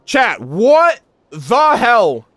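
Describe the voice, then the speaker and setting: A streamer giving live game reaction commentary, excitable and exclamatory, talking straight to chat. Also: mid-range voice, drawn-out words, faint music behind.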